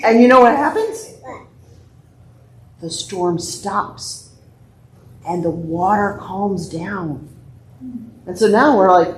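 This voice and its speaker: A woman leading worship, reading scripture and then telling a lively, playful children's message full of exclamations. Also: on the high side, slow pace, pauses often, a little hiss or hum. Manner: animated, playful storytelling with exclamations. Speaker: church leader giving a children's message. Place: church sanctuary. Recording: echoey church sanctuary.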